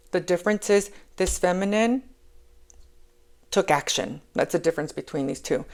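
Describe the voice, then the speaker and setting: This is a woman giving a chatty tarot reading in a low, gravelly voice. She wanders from thought to thought and circles back over her own phrases. She keeps checking in with the listener with a quick "okay?". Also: a little mellow. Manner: rambling, repeats herself, checks in with "okay?". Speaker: tarot reader. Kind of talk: casual spoken tarot reading.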